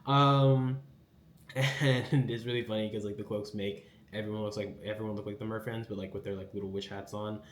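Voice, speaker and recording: Casual male recap host, lowish voice, echoey room, rambling delivery. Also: level tone, moderate pace, a little hiss or hum. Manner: rambling, lots of fillers and acted quotes.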